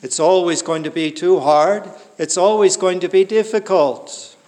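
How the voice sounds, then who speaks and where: A man's voice: high-pitched, unhurried, darkish tone, in a large hall. A man preaching a sermon in an earnest way, asking the listeners rhetorical questions.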